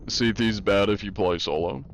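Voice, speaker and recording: A young adult man livestreaming, chatting casually with his viewers in a relaxed, rambling way with many fillers. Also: fairly low pitch, moderate pace. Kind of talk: casual chat with stream viewers.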